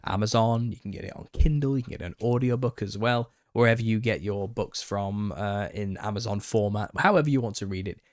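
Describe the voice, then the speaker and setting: Guy ranting on a live q&a stream, lowish voice, dry close sound, gets wound up. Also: a little fast, hardly any pauses, dry recording. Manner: opinionated, gets worked up and laughs. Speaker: channel host. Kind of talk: live Q&A monologue.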